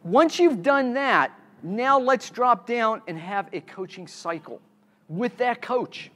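A man's voice: very high voice, expressive, takes it slowly, fairly bright tone. A man giving a live keynote talk on a conference stage, quizzing the audience and repeating key words, with frequent restarts.

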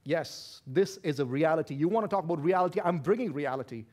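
High-voiced preacher guy w/ an accent, loud n passionate, goes from yelling to almost whispering. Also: lively intonation, a little fast. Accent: non-native English accent. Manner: loud, passionate, swings from shouting to hushed. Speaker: pastor. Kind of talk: sermon.

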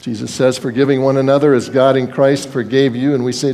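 A man's voice: mid-range voice, fairly even intonation, fairly quick, hardly any pauses, a little mellow. A man preaching a sermon as pastor, in a conversational style, acting out quoted voices and sometimes repeating words.

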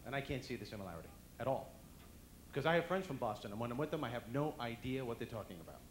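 A man's voice: mid-range voice, animated, quick pace. A man with a Brooklyn accent doing live stand-up comedy, brash and chatty, talking straight to the audience. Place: banquet hall at a dinner event. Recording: echoey banquet hall with faint room noise.

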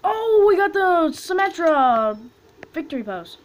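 A woman casually commenting as she opens loot boxes in a video game, excitable and quick to chant names and squeal over items. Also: extremely high pitch, poor audio. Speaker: gaming video host.

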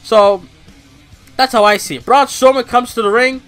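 Dude doing a casual review, high bright voice, rambles and swears a lot. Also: male voice, moderate pace, clear, resonant tone, soft background music. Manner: rambling, profane, animated ranting. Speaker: wrestling reviewer.

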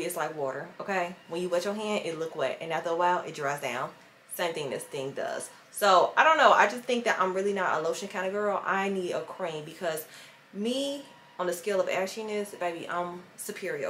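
A young adult woman vlogger talks casually and sassily to her viewers, calling them "girl" and "baby" a lot, in a slightly bright, lowish voice with a little background noise. It starts as a voiceover at home, then she's sitting at a table chatting to camera.

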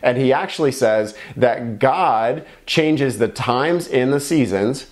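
A man's voice: mid-range voice, slow, hardly any pauses. A man from the United States delivering a short devotional message as a pastor, earnest and encouraging in a conversational preaching manner.

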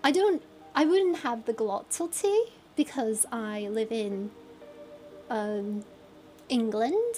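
A woman's voice: fairly high pitch, big pitch swings, slow, a little mellow, a little hiss or hum. A young woman streamer chatting casually and giggling, trying out British phrases. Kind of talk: casual chat. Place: lives in England.

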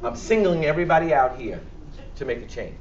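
In an echoey church hall, a man from the Bronx jokes around and speaks frankly while running a health workshop for a live crowd, which can be heard behind him. His voice sits on the high side, swings widely in pitch, and moves fairly quickly. The sound is distant and dull.

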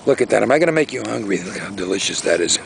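Man, gravelly voice, rambling outdoor vlogger, faint background noise. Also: fairly low pitch, lively intonation, rapid-fire. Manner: rambling, chatty, exaggerated rants. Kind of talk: casual vlog monologue. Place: outdoors by a lake, morning.

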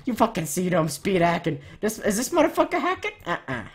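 A woman gamer narrating her own play in a loose, profanity-heavy running commentary. She rants and bursts into loud, excited shouts, then drops back to muttering, at a middle pitch for a woman. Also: a little fast. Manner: excitable ranting, swears a lot, loud outbursts.

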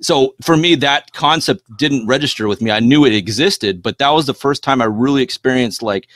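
A man in casual podcast chat, telling a personal story with lively, animated energy and plenty of swearing. His voice sits in a middle register and is captured close with a dry, dead sound. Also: medium pitch, normal speed, no echo.

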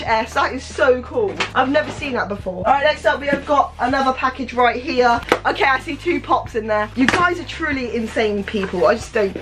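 Young woman, high-pitched vlogger, gushing unboxing chatter while sick with a cough. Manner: gushing, quick bursts of excitement. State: ill with a cough. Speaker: YouTuber unboxing collectibles. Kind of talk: excited casual vlog chat.

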